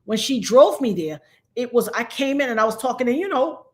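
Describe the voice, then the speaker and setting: A woman from Trinidad, a guest on a live stream, telling a story in a dramatic, animated way over a call mic. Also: on the high side, brisk. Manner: dramatic, animated retelling with acted-out quotes. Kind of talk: casual storytelling.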